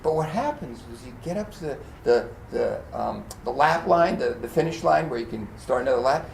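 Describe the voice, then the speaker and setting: A man's voice: medium pitch, a little fast, vocal fry, roomy sound, slight background noise. A man preaching a sermon as pastor, telling stories with lots of acted-out quotes and frequent laughter. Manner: animated storyteller, acts out quotes, laughs often. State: choked up at times. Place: church.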